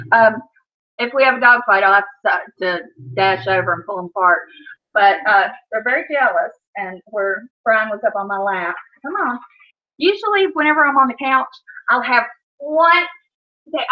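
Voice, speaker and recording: A woman's voice: on the high side, animated, normal speed. A woman chatting casually on a home livestream from her kitchen, scolding her dogs in baby talk between stories. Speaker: vlogger. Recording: dull lo-fi sound.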